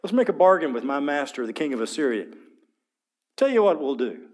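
A man voicing an arrogant, taunting Assyrian field commander who mockingly shouts his boasts. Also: a little high, very animated, slow pace, full character voice.

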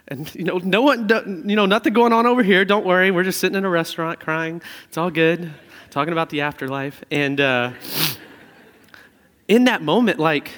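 A man in his thirties preaching a sermon in a conversational way, telling stories with animated asides. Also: fairly high pitch. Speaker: pastor. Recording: reverberant hall sound.

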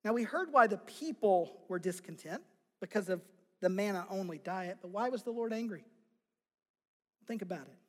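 A man's voice: high-pitched, in a large hall. A man preaching a sermon as pastor, acting out scripture quotes with rising dramatic intensity.

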